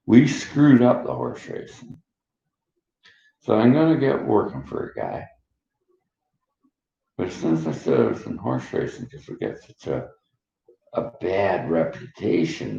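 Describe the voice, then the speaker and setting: Man from Canada, middle-aged, rambling monologue, dark mellow tone, roomy dull lo-fi home recording. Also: on the low side, creaky. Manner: rambling, jumps between stories, laughs often. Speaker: vlogger.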